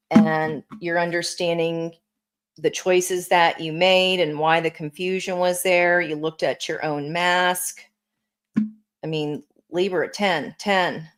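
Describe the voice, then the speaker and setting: A woman's voice: on the low side, fairly even intonation, slow, pauses often, smooth, poor audio. A woman giving a casual tarot reading, chatty and encouraging, talking straight to her viewers. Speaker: tarot reader.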